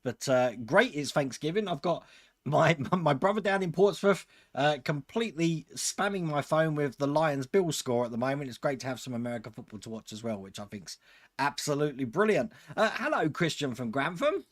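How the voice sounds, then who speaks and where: A man's voice: on the high side, animated, normal speed. A man hosting a live stream, chatting casually with viewers and chuckling often. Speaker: host of a model-building channel.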